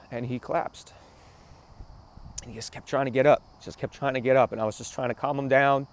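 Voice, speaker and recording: A man's voice: medium pitch, fairly even intonation, brisk, slight background noise. A man with an ordinary mid-range voice shares a personal story on a spiritual talk show. He speaks earnestly and emotionally, often repeating himself for weight and checking in with the listener as he goes. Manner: earnest, repeats phrases, keeps asking "right?".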